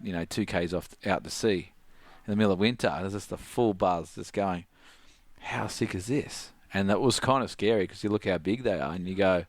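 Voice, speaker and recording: A middle-aged Australian surf coach appears as a podcast guest, telling casual stories animatedly, imitating his friends' voices and laughing often. His voice is deep and fairly quick, with no room sound.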